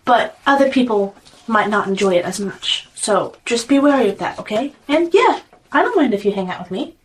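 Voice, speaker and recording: A woman playing a tabletop game, speaking gently and explaining patiently in character. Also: on the high side, sing-song, normal speed, poor audio. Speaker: player.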